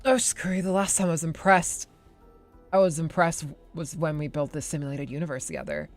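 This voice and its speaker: A man streaming as a voice actor, making excitable, swearing asides between game lines. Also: fairly high pitch, a little fast, faint music behind. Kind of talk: casual live-stream commentary.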